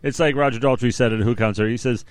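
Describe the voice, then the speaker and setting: A man's voice: medium pitch, fairly even intonation, racing, clean tone. An older man co-hosting a radio music show, chatting casually in a rambling, jokey, self-deprecating way. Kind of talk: casual on-air music chat.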